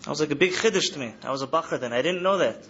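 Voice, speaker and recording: A man's voice: a little high, expressive, racing, a bit bright, lo-fi sound, a little hiss or hum. A man in his thirties who speaks to a hall of students about coping trauma, in an earnest lecture style that repeats its key phrases. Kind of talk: lecture to an audience. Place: study hall.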